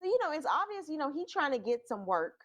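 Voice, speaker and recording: Animated, high-pitched woman reviewing a film. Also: fast talker. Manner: animated, emphatic, stammers when excited. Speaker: movie review panelist. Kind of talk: casual chat.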